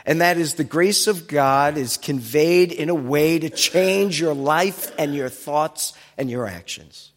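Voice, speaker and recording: A man's voice: on the high side, slow pace, few pauses. A man giving a sermon, teaching with asides and explaining Hebrew and Greek words. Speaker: pastor. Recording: long hall reverb.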